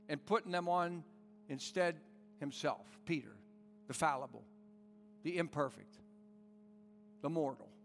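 Male pastor, high voice, earnest sermon with pleading questions, long reverb from the church room. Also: bright, forceful tone, a little hiss or hum.

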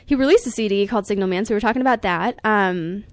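A woman's voice: mid-range voice, fast, no room sound. Upbeat, giggly woman hosting radio. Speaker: radio host. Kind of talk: casual college radio hosting. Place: radio studio. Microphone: studio microphone.

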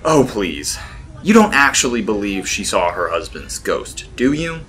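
Brief: man doing a young reporter, skeptical, bright and lively. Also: on the low side, a little slow, slight background noise. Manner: doubtful, dismissive.

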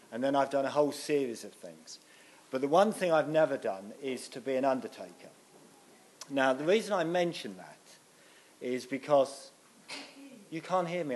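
A man's voice: mid-range voice, a little hiss or hum. A middle-aged man, a guest speaker giving a chatty, self-deprecating talk at church.

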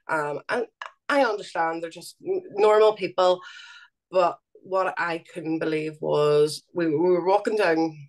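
A woman with a Belfast accent, speaking earnestly as an interview guest and often stopping to restart her sentences. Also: deep voice. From Northern Ireland. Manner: earnest, halting with fillers and restarts. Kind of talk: interview conversation.

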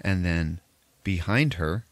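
A man's voice: sits low, animated, slow, dry recording, studio quality. A man casually retelling a film's plot on a podcast, loose and profane, acting out characters' lines as he goes. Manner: profane, rambling retelling with acted-out quotes. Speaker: podcast host recapping a film. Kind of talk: casual movie recap chat.

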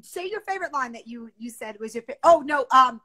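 A woman's voice: high voice, animated, a little fast, sharp tone, a little hiss or hum. A woman hosting a casual live stream on a phone, talking in a gushing, effusive way.

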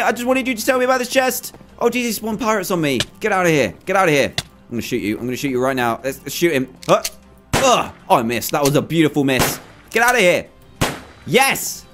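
A man giving excitable, chatty commentary over his own gameplay, with frequent exclamations. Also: fairly high pitch. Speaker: gaming video host. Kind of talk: let's play commentary.

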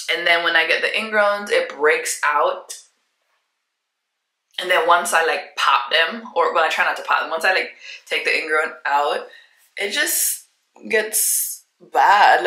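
Woman, 30s, home vlogger; effusive, chatty, bright tone, echoey room. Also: fairly low pitch. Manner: chatty and effusive, talks straight to viewers. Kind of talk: casual home vlog chat.

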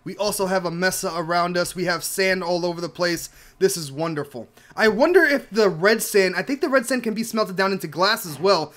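A young man giving casual let's-play commentary while gaming, excitable and gushing, often repeating himself. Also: high voice, brisk, hardly any pauses. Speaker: gaming YouTuber.

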